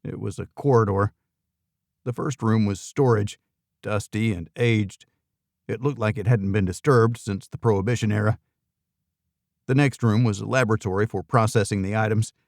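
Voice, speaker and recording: A man's voice: fairly even intonation, normal speed, a little mellow, no room sound. A man narrating a first-person thriller audiobook with a dry, wry delivery. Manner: dry, wry delivery, lifting pitch for dialogue.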